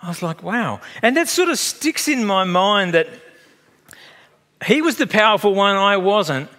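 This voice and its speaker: Preaching at an unhurried pace, a fifty-something Australian pastor speaks in a voice that sits high. He spins animated, chatty stories during the sermon and laughs at them himself.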